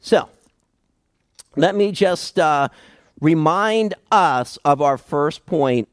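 This pastor's delivery is expressive yet deliberate: he takes his time, lands hard on key words, and leaves measured, dramatic pauses as he explains the Bible. His male voice sits a bit on the high side. The sound is dry and close-miked, without any room sound.

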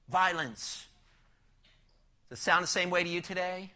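A man delivers a sermon in a bright, cutting voice. He explains the text verse by verse and keeps asking his listeners questions. His volume swings from forceful emphasis down to a hushed near-whisper. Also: sits high, a little slow, pauses often. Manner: asks the listeners rhetorical questions. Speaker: preacher. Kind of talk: expository sermon.

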